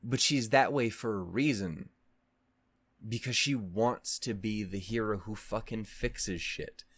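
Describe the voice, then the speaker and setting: A man's voice: fairly low pitch, a little slow, slightly rough, no echo. Man gushing in a swearing reaction rant. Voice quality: voice actor's expressive delivery. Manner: emotional, heavy swearing, rambling restarts. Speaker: reaction video host. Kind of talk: casual reaction commentary.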